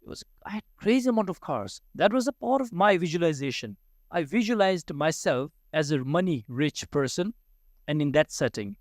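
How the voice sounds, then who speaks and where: A man's voice: on the high side, lively intonation, normal speed, no echo, studio quality. A middle-aged man from Ladakh, giving a motivational talk full of personal stories and rhetorical questions, slipping into Hindi phrases. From Ladakh, India. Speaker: Buddhist teacher giving a talk.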